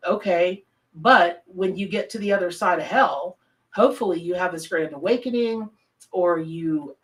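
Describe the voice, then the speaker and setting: A Southern woman with a lowish voice and a Southern accent hosts a live tarot reading, chatting casually with viewers while reading their comments. The mic is distant and the recording low-quality.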